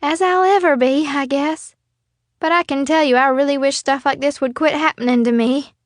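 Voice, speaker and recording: A woman voicing a chatty, cheerful young woman who is badly hurt, pitched high and bubbly. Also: steady tone, normal speed, dry recording, studio quality, natural voice.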